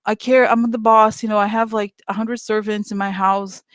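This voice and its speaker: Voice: mid-range voice, little pitch movement, moderate pace, fairly bright tone, no echo, close to an everyday voice. A vlogger doing a mocking, raised, sing-song impression of a smug, controlled and aggressive female executive.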